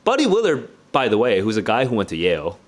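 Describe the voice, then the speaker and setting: A man with a somewhat low voice hosts a livestreamed book club and reacts as he reads. His talk is casual and rambling, full of "um", "like" and "right?", with restarts and the odd swear word. He sounds like someone thinking out loud rather than reading a script. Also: fast talker. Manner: thinks aloud, casual and digressive, with frequent fillers and restarts.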